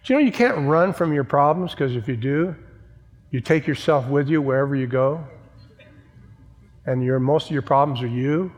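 A male pastor with a voice on the high side preaches at normal speed, pausing often. He's emphatic, repeating key phrases and asking the congregation for an amen, all under long church reverb.

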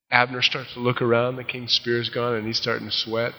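A man preaching, reading scripture aloud and then retelling it with lively acted-out voices. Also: medium pitch, fairly quick, big-room sound. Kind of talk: expository Bible teaching.

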